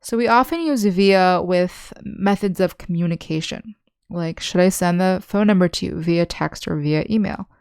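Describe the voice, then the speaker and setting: A young woman walks learners through vocabulary, one example at a time. Her voice sits a little low, smooth and resonant, with a touch of fry. The sound is close and dry, with no room around it. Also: a little mellow, no room sound. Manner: patient, explains slowly with examples. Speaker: English teacher. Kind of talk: online language lesson.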